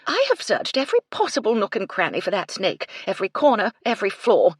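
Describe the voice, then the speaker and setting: A woman's voice: mid-range voice, huge pitch swings, fast talker, husky, no echo, studio quality, voice pushed up. A woman voicing a fussy, irritable woman who speaks sharply and testily. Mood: irritated. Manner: sharp, testy, exasperated.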